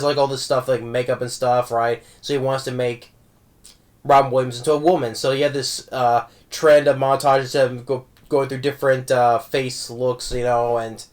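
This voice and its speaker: A man giving a casual spoken film review, rambling, with many restarts and tag questions. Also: medium pitch. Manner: warm, amused fan talk. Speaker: movie reviewer.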